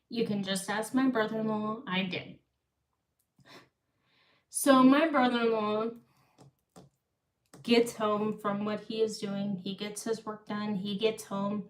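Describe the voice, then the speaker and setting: This time her voice sits mid-range with a flat delivery, a little slow and full of pauses, as the woman in her thirties tells a rambling, self-interrupting story on a live stream. The room is echoey, and the mic is distant.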